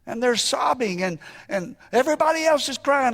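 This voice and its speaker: A man preaching as a missionary, telling a story emphatically, rising to shouts and falling to near whispers. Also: extremely high pitch, animated, normal speed, creaky. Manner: emphatic, climbing to shouted exclamations, then dropping to a hush. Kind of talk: sermon storytelling.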